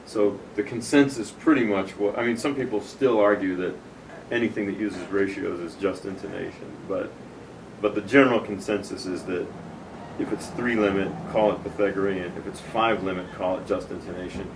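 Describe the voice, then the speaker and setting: A man's voice: deep voice, steady tone, normal speed. A man patiently walking a small group through a demonstration step by step, in casual explanatory talk. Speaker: presenter demonstrating tuning software. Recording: distant room mic with background noise.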